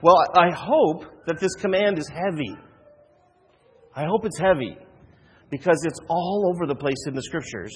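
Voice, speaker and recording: Husky-voiced man preaching in a reverberant hall. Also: a little high. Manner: earnest preaching with frequent restarts and rhetorical questions. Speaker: pastor. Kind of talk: sermon.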